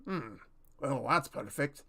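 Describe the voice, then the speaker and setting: Male player, middle pitch, chatty, hesitant, tabletop game. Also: lively intonation, takes it slowly, crowd noise. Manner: casual, hesitant with fillers. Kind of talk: casual tabletop game play.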